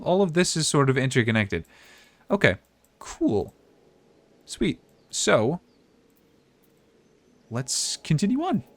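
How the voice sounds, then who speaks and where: A man giving casual, relaxed gameplay commentary as a streamer, chatting and thinking aloud. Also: mid-range voice, no echo.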